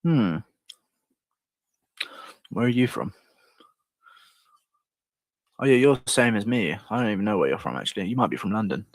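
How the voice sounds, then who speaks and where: A man's voice: on the low side, lively intonation, moderate pace, long pauses, no room sound. A man from the United Kingdom streaming and chatting casually with viewers, rambling and crude.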